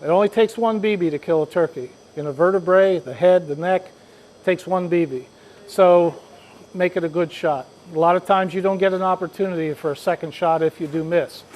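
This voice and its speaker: Poor audio with a little hiss or hum carries this hunting instructor's voice, which is slightly high and a bit mellow. Rambling in a folksy manner and often restarting, he casually explains to a group how to hunt turkeys.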